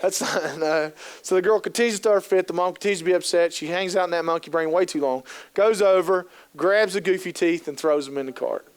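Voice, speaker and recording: Brief: male speaker, high pitch, lively storyteller who acts out the scenes he describes. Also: a little fast, smooth. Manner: animated, joking, acts out scenes. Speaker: keynote speaker on youth work. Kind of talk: humorous storytelling presentation.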